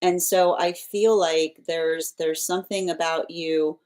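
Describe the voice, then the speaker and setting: A woman's voice: fairly low pitch, steady tone, unhurried, darkish tone. A woman giving a live tarot reading, rambling and circling back with repeated phrases and restarts. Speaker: tarot reader.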